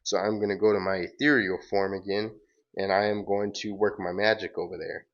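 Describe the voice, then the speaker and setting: A man's voice: on the low side, level tone, fairly quick, vocal fry, lo-fi sound. A man reading the lines of a scheming male trickster god in archaic, mock-grand phrasing.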